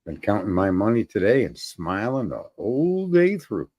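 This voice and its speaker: A man's voice: lowish voice, sing-song, moderate pace, dry recording, muffled recording. A man hosting a casual talk show, telling crude rambling anecdotes full of swearing and laughter. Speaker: host. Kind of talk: crude casual podcast storytelling.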